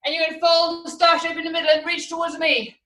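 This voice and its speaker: A woman with a very high-pitched, sharp voice talks fast in a completely flat delivery while teaching children an online acrobatics class from a room at home. She calls out moves, counts, and makes animal sounds over video. She's far from the mic in an echoey room.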